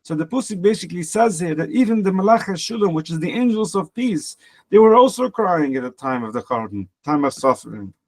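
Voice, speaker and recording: Man explaining Talmud, halting and repetitive. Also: high-pitched, animated. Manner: translates phrase by phrase, repeats words, explains with parables. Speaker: Talmud teacher. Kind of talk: casual Gemara lesson.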